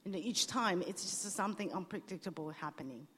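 Halting woman panelist in an echoey hall. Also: on the low side, a bit bright, slightly rough. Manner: halting, many restarts and fillers. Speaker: panelist and show expert. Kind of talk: panel discussion.

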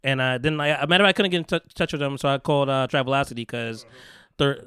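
A man rattles through a story at high speed, his voice bright and clean with a slightly raised pitch. He swears freely and breaks into laughter as a podcast host in casual chat. The sound is close and dry. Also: fast talker, smooth, no echo. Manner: animated storytelling, heavy swearing, frequent laughter.

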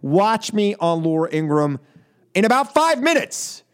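High, animated male radio host. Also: moderate pace, smooth. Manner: animated, laughs often, repeats words. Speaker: radio talk show host. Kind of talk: call-in radio monologue. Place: radio studio.

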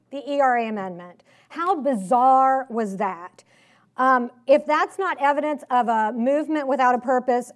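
A woman with a slight Southern accent giving a political speech to a live audience, emphatic and sarcastic, full of rhetorical questions. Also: on the high side. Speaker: conference speaker. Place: conference hall.

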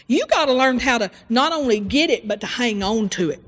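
A woman's voice: on the high side, fairly quick, big-room sound. A woman preaching a sermon, retelling a story and acting out the voices in it. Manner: animated storytelling, acts out voices in quotes.

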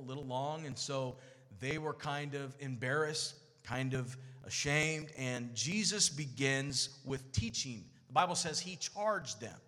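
A man preaching a sermon in a church sanctuary, moving from quiet storytelling to loud, sing-song exhortation. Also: mid-range voice. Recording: long church hall reverb.

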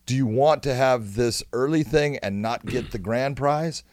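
A man's voice: medium pitch, unhurried, few pauses, a little mellow, no room sound, clean studio sound. A man co-hosting a podcast in casual chat, emphatic and full of advice. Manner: emphatic, advice-giving, breaks into short exclamations. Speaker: podcast co-host.

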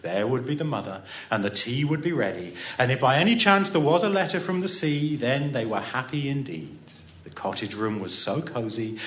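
A man reading a story aloud on a live stage in an expressive, theatrical way, with the odd dry aside. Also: mid-range voice. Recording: roomy echo.

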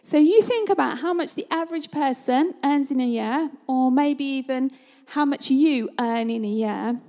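High-voiced woman preaching. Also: normal speed. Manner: conversational, vivid storytelling, sometimes drops to a hush. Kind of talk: sermon.

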